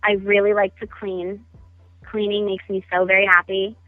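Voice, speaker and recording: A woman's voice: medium pitch, level tone, moderate pace, no echo. Chatty woman guest on a phone line. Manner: chatty, self-deprecating, many ums. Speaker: interview guest. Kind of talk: casual phone interview. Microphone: phone call.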